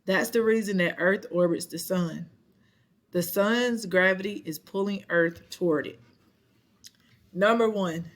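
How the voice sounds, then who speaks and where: Slow, careful reader of a lesson. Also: medium pitch. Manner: slow, careful reading with self-corrections. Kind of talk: reading a lesson aloud.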